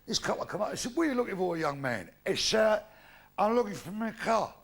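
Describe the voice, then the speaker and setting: A man's voice: high-pitched, big pitch swings, a little fast. A middle-aged man doing a crude, punchy live stand-up comedy routine with plenty of swearing. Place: stage before a live audience. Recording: live show with crowd laughter.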